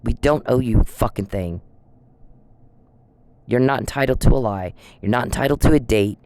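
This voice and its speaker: A woman's voice: extremely low pitch, moderate pace, darkish tone, no room sound. Woman, angry vlog rant, profane and accusing, close dry sound. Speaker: vlogger. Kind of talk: angry direct-address rant.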